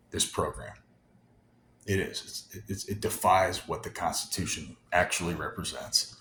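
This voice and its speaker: Man, very low voice, angry profane vlog rant, rambling restarts, occasional near-whisper, echoey room. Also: bright, forceful tone. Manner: sometimes lowers his voice to a near whisper. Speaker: vlogger. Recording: roomy echo, faint background noise.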